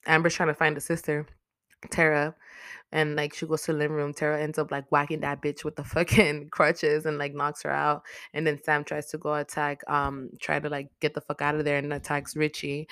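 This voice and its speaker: Woman host with a low voice, loose and profane in a casual film recap, recorded dry and close. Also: dry recording. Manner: profane, rambling, laughing. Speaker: podcast host.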